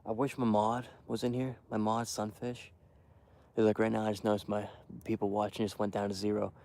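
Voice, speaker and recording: Low gravelly hushed man outdoors. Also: flat delivery, brisk. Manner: hushed, rambling, lots of fillers and restarts. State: cold. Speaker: hunting streamer. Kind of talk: quiet rambling live-stream chat. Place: outdoors in a windy field edge.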